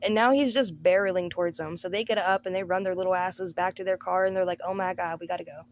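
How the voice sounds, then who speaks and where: A woman's voice: fairly low pitch, steady tone, fast, slight background noise. A woman hosting a movie review channel, giving a casual, sarcastic recap of a film. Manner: sarcastic, breezy, acts out characters' lines.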